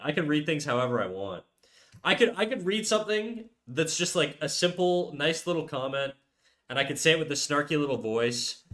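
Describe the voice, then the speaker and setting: A man's voice: fairly high pitch, fairly bright tone. Crude, joking young male streamer. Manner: crude, joking, rambling with restarts. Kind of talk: casual livestream chat. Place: home room.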